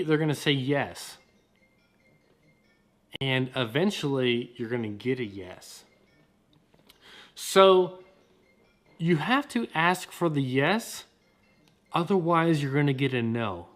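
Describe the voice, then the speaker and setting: A man hosting a motivational podcast, talking in an energetic, slangy way and repeating his points. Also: mid-range voice. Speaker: podcast host.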